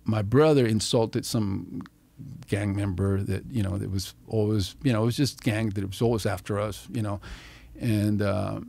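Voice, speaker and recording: Gravelly middle-aged man telling stories. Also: lowish voice, normal speed, no echo. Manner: animated storyteller, swears freely, acts out quotes. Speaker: podcast guest. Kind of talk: casual storytelling.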